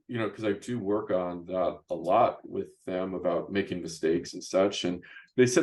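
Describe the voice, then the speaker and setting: A man's voice: low-pitched, normal speed, darkish tone. A middle-aged man hosting a podcast interview, chatting casually with many restarts and "you know, right?" asides. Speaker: podcast host and youth basketball coach.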